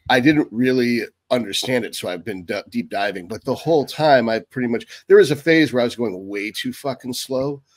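A man's voice: medium pitch, animated, brisk, few pauses, no echo. A man hosting a podcast, talking loosely and casually, now and then swearing and trailing off. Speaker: podcast host. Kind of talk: casual interview talk.

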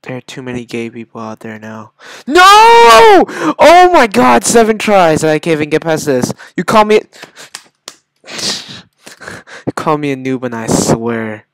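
A man doing gameplay commentary who shifts from low muttering to sudden shrieking outbursts, swearing often. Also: lively intonation, moderate pace, clear, resonant tone, no echo. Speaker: gamer.

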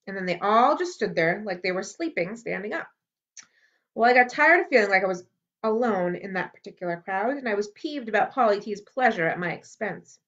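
A woman reading a children's novel aloud for a library, lively storytelling with character voices, on a dull lo-fi recording. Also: medium pitch, fairly quick. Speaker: library read-aloud host.

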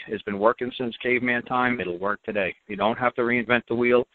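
A man's voice: mid-range voice, steady tone, a little fast, hardly any pauses, no room sound. A man hosting a call-in radio show, talking bluntly and emphatically and repeating his points. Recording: dry, tinny phone-like audio.

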